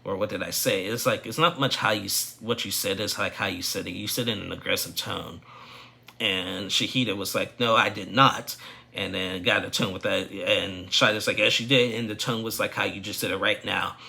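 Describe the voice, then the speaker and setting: A man's voice: deep voice, steady tone, brisk, creaky, sharp tone. A man giving a casual, opinionated recap of a reality show, rambling with frequent restarts.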